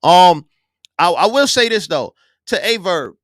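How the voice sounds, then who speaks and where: A man hosting a live online show, ranting loudly and profanely with bursts of yelling. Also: high-pitched, a little slow, no room sound, studio quality. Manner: loud, profane, animated, yelling at times. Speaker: podcast host. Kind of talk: heated live-stream rant.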